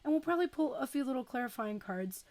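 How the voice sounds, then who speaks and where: A woman's voice: high-pitched, animated, darkish tone. Casual woman doing a tarot reading, rambly, easygoing, lots of little asides. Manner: chatty and unhurried, with fillers and self-talk. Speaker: tarot reader.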